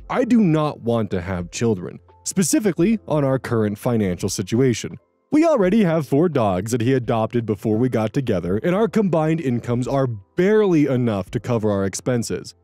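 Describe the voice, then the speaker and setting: A man narrating online stories with a lively, swinging pitch and wry asides of his own. His voice is dry and close to the mic. Faint background music plays under him. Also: moderate pace, no echo. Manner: animated, expressive reading with wry asides. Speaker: story narrator and commentator. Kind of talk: reading online stories aloud with commentary.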